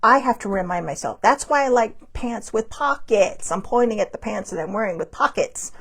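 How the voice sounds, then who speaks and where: A woman's voice: on the high side, fairly quick, breathy edge. Chatty rambling woman live-streaming. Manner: rambling, laughs often, blunt and upbeat. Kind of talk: casual chatty monologue. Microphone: phone or webcam on a live stream.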